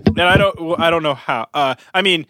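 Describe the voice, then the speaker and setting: A man acting as a mock interviewer in an improvised comedy bit, asking hesitant deadpan questions. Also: a little high, brisk, dry recording.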